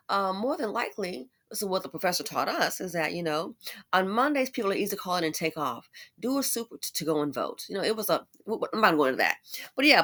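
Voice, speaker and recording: A woman giving a casual commentary monologue in a conversational way, with animated asides. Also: medium pitch. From United States. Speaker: commentary YouTuber.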